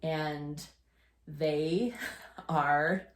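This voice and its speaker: A woman in her fifties chats casually and tells family stories with restarts and easy laughter. Her voice sits fairly low, and the room around her is echoey and live. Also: steady tone, extremely slow. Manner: chatty, rambling storyteller with restarts and laughter. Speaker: podcast co-host telling family stories. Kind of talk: casual chat.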